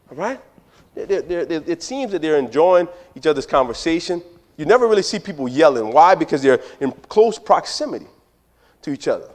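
A man's voice: high-pitched, a little mellow. A man, preaching a sermon in a conversational, joking way that speaks straight to the congregation. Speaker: pastor.

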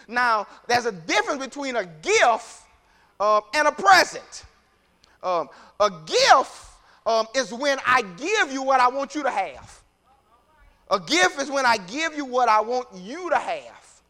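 A man preaching a sermon, starting soft and halting, then building to loud, emphatic preaching. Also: very high voice, big pitch swings.

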